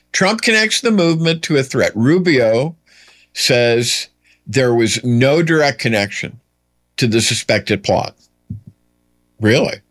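A man's voice: medium pitch, fairly bright tone. Emphatic man hosting political commentary. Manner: emphatic rhetorical questions, sarcastic asides.

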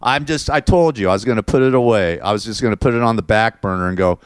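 A middle-aged man hosting his show, rambling through a crude, animated story full of swearing. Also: on the low side, quick pace, clean tone, dry recording. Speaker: show host. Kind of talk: rambling casual monologue.

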